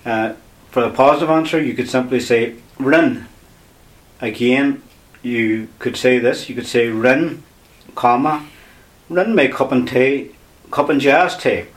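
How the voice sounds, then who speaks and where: A man's voice: medium pitch, unhurried, pauses often. Patient man teaching grammar. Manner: patient, explains step by step with repetition. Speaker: Irish language teacher. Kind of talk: radio language lesson.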